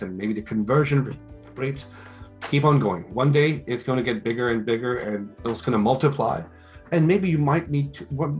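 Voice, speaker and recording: A middle-aged man, a business school teacher, interviewing and giving advice in a lively way, acting out conversations as he tells stories. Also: mid-range voice. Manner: animated storytelling with quoted dialogue.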